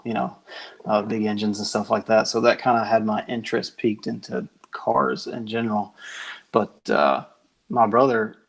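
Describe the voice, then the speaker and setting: A man's voice: lowish voice, vocal fry. A man answering interview questions in an easygoing, rambling way with plenty of fillers. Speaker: guest, company founder.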